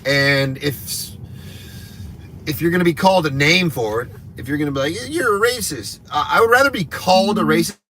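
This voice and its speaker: A man, a comedian, ranting in a crude, rambling, deliberately provocative way on a live stream from a moving car. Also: on the high side, lively intonation, pushed and bright. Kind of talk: provocative live stream rant while driving.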